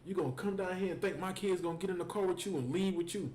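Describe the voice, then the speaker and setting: A man voicing an angry young woman who is loudly scolding the father of her children. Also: high-pitched, quick pace, roomy sound, voice pushed up, natural voice. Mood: furious scolding. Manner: loud, scolding, outraged.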